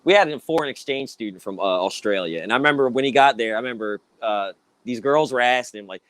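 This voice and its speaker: A man in his thirties hosts a casual video-call interview, telling animated stories and laughing often. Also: mid-range voice, fast, dry recording. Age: 30s. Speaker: interview host.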